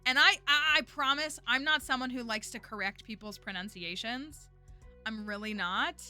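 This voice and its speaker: Bright chatty woman streamer. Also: fairly high pitch, normal speed, faint music behind. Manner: chatty, rambling, many fillers; exasperated ranting. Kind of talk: casual gameplay stream chat.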